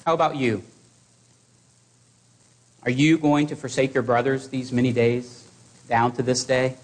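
A man's voice: mid-range voice, steady tone. Earnest male preacher delivering a sermon. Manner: earnest, exhorting delivery with measured pauses.

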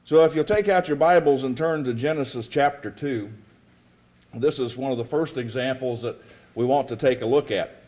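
A man preaching a sermon to a congregation in a folksy, relaxed storytelling way. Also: medium pitch, normal speed. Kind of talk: sermon with a joke.

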